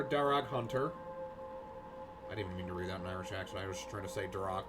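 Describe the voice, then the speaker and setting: Excitable young man doing game commentary. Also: on the low side, fast, music in the background. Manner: excitable, jokey, swearing. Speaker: gaming host. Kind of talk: let's-play commentary.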